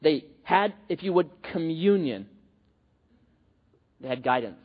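A man's voice: fairly high pitch, animated, measured pace. A man preaching a sermon in a joking, conversational way, with many restarts and asides. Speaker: pastor. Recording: dull, reverberant hall recording.

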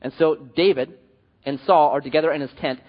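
Male pastor, sermon, animated joking storyteller, husky voice, dull recording in a reverberant church hall. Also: fairly high pitch, fairly quick.

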